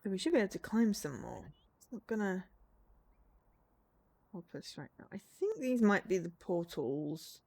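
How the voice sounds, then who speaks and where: A woman's voice: medium pitch, very animated, normal speed, creaky, long pauses, darkish tone, husky. A young woman streamer chatting casually to herself while she plays a video game. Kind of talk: casual gameplay commentary.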